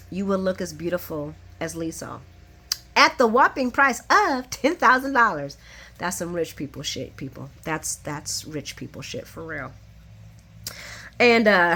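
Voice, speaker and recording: Chatty woman recapping soap episodes. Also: a bit bright. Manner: chatty, laughs often, big swings from low asides to high exclamations. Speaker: soap opera recap vlogger. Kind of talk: casual chat recap.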